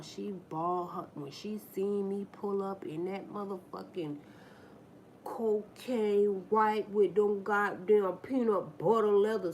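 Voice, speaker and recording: Woman streamer telling stories off the cuff, blunt and salty, mid-range voice, faint hiss behind. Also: mid-range voice. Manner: blunt, profane, talks straight to viewers; acts out the people in her stories. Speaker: livestream host. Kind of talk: casual live-stream storytelling.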